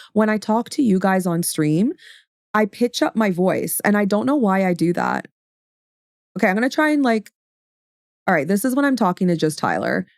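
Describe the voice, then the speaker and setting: A woman's voice: mid-range voice, darkish tone, no echo. A young woman hosting a casual livestream, rambling and chatty with a mid-range voice and casual swearing, close on a studio microphone. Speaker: livestream host. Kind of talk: casual stream chat. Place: home streaming setup. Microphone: studio XLR microphone.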